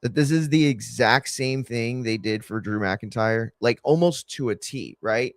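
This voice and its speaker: A man's voice: medium pitch, measured pace, no echo. A man hosting a watch-along stream, chatting casually in a rambling, sarcastic and exasperated way. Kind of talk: casual chat.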